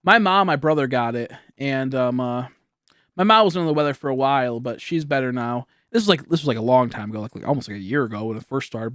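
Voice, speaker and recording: A man's voice: mid-range voice, fast talker, fairly bright tone, no echo, clean studio sound. A young man chatting casually with viewers on a live stream, rambling and laughing often.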